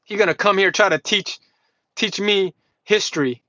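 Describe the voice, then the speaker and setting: A man's voice: high-pitched, moderate pace, pushed and bright, no echo. A man livestreaming a heated, combative rant to his chat, swearing constantly, mocking and repeating himself. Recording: dull lo-fi livestream audio.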